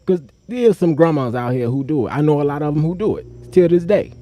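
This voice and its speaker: Slangy man with a mellow, dark voice. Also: animated, fast, few pauses, no room sound. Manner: loose, slangy, talks straight to the chat and breaks off the story; acts out other people's voices with sharp jumps up in pitch. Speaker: storyteller and streamer. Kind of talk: live-streamed personal storytelling.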